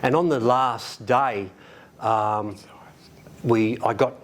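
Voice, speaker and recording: An Australian man in middle age tells a story in a relaxed, chatty way. His voice sits in a middle register, and he livens it with quick shifts as he voices other people. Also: mid-range voice. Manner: animated, acts out quoted voices, laughs often. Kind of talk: casual anecdote telling. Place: library event room.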